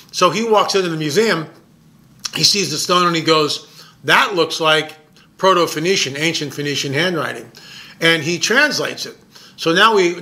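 A man who makes documentaries, telling a story in an excited, emphatic way and often repeating his words. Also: a little high. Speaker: documentary filmmaker. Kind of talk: casual storytelling monologue.

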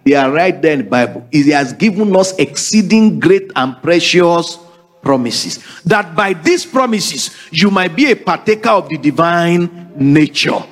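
A man's voice: a little high, expressive, measured pace. A man preaching a sermon, emphatic and repetitive, calling on the congregation to repeat after him. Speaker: pastor.

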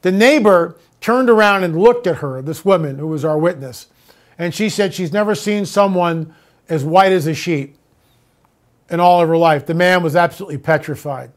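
A man's voice: a little high, moderate pace. A man hosting a talk show monologue, speaking emphatically and repeating phrases for effect. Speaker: host.

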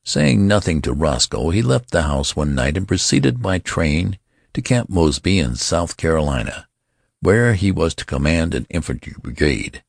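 A man reading a story aloud as narrator, with expressive storytelling. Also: low voice, normal speed, creaky, no room sound, clean studio sound. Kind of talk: scripted audiobook narration.

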